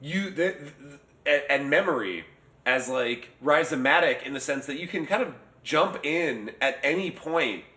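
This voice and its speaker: A man discussing a novel casually, halting and restarting his sentences often. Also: a little high, lively intonation, pushed and bright. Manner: hesitant, stammering restarts. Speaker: podcast host. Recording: roomy echo.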